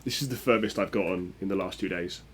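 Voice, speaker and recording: Joking and chatting with viewers as he plays through a speedrun, the man reads chat aloud. He speaks fast in a low-pitched voice that comes across a bit bright.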